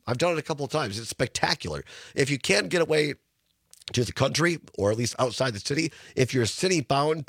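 A man's voice: mid-range voice, breathy edge, dry recording. A man hosting a local radio talk show, chatty and full of fillers, with a scratchy voice from being sick. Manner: chatty, with many fillers and restarts. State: hoarse from illness.

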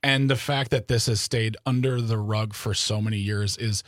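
A low-voiced man talks earnestly about politics on a podcast, often rambling and restarting his sentences. The recording is dry and close. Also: fairly even intonation, normal speed, few pauses, a bit bright, no echo. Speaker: podcast co-host. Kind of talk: political discussion.

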